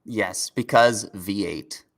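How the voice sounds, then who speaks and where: A man with a fairly low voice takes his time as co-host of a relaxed car news livestream. He chats easily, chuckles frequently and reads out questions from the chat.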